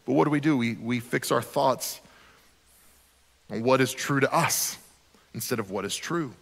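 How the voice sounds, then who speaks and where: A man's voice: medium pitch, normal speed, gravelly, a bit bright, in a large hall. A man pastor preaching a sermon in a conversational, earnest way, often repeating a word as he starts a sentence.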